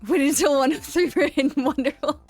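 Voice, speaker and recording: A young woman streams a video game live, chatting, giggling, thanking followers and voicing the game's lines. She speaks fairly quickly in a high-sitting, slightly mellow voice, with soft music playing in the background.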